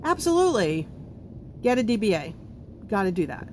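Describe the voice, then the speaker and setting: A woman's voice: medium pitch, expressive, brisk, a little mellow, a little hiss or hum. A woman hosting a live stream about running a home baking business, answering viewer comments in a blunt, chatty way with lots of ums. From not from Pennsylvania.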